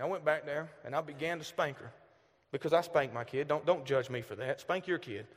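High-voiced Southern preacher in a reverberant hall. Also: male voice, brisk. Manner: animated, shifts from loud bursts to hushed asides. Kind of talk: storytelling sermon.

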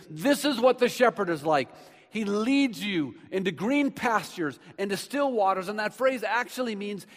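A man preaching a sermon as pastor, swinging between hushed, quiet passages and loud, emphatic bursts. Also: medium pitch. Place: church sanctuary. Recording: long reverb of a large hall.

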